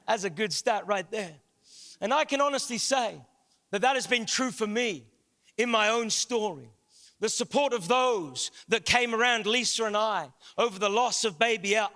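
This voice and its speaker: A man preaching a sermon in a large church hall, impassioned, with rising shouts. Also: high voice, animated, moderate pace. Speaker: guest pastor.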